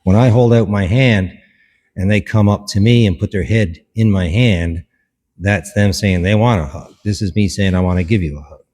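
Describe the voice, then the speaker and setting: A man gives a dog training lesson as he works with the dog, calm and instructive, with short commands. His voice sits fairly low and sounds a little husky. A long reverb trails after his words. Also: normal speed. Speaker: dog behaviourist. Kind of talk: hands-on training demonstration.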